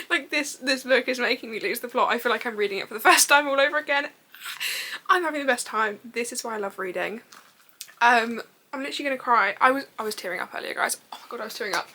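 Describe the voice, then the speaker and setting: A woman's voice: fairly high pitch, pushed and bright. Giggly, gushing young woman. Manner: gushing, giggly, rambling and swearing. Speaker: book vlogger. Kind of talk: excited casual reading vlog chat.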